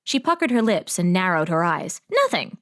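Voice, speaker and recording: A woman's voice: lowish voice, normal speed. Woman narrating a cozy mystery audiobook. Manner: steady storytelling. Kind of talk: scripted narration.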